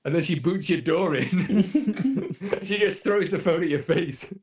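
A man's voice: a little high, animated, measured pace, darkish tone. A man co-hosting a podcast in casual banter, teasing and laughing often. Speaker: podcast co-host.

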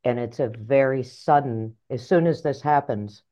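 A middle-aged woman author and life coach telling her story in an interview, animated and blunt, acting out voices in her head. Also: very deep voice, moderate pace. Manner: animated, acts out inner voices, earthy phrasing.

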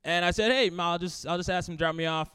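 A young man from Brooklyn telling a comic story from his childhood on stage, playful and lively, acting out his friends. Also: sits high, quick pace, clear, resonant tone, dry recording. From Brooklyn, New York. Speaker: storyteller, comedian. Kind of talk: live comedic storytelling.

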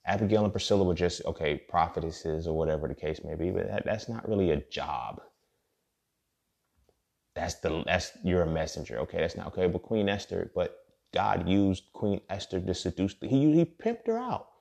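A man with a low, gravelly voice holds forth on his own podcast. He talks bluntly and profanely, circling back and stumbling over repeated words as he rambles. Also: moderate pace, darkish tone. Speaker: podcast host. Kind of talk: casual monologue.

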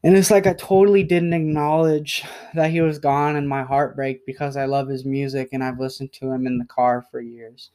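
A young man speaks alone on his podcast, apologizing in a halting way with frequent pauses and ums. His voice is smooth and clear but stays level in pitch, and he sounds emotional as he talks. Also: flat delivery, mellow. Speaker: podcast host.

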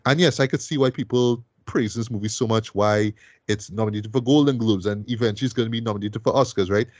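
A man's voice: lowish voice, fast, darkish tone, dry recording. A man hosting a film review podcast, talking eagerly and tagging lines with "right?" and "boy". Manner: enthusiastic, many fillers like "right?" and "boy". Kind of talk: casual film review chat.

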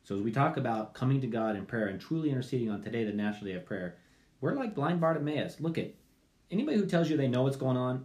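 A man pastor preaches a sermon in an animated way. His voice sits in a middle pitch but moves a lot, rising into loud pleading cries and then dropping to quiet muttered asides. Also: quick pace.

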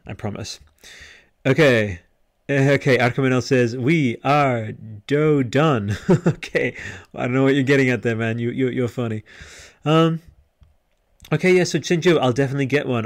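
Chatty Australian man reading live chat. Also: medium pitch. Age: 30s. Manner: chatty and rambling, reading out viewer comments with frequent fillers. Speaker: podcast host. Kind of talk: casual live-stream chat. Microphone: headset-style home podcast mic.

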